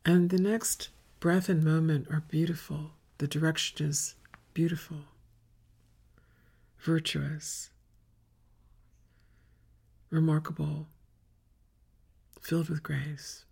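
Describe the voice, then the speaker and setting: A woman giving a meditative spiritual talk at a retreat, soft and often dropping to a whisper, with long incantatory lists. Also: low voice, little pitch movement, slow, creaky, long pauses, breathy edge.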